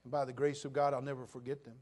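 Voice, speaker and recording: A pastor in his sixties preaching a sermon, swinging between loud bursts and quiet, low asides. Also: little pitch movement, racing. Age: 60s.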